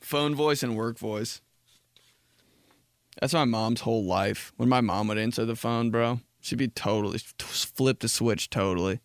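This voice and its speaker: A young man hosting his own podcast talks in a loose, rambling way, full of "like" filler, and he keeps jumping into jokey high voices. His voice sits in an ordinary middle range. It comes through a close mic in a dry, deadened room. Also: lively intonation, moderate pace, no echo. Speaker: podcast host. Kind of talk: casual solo podcast chat.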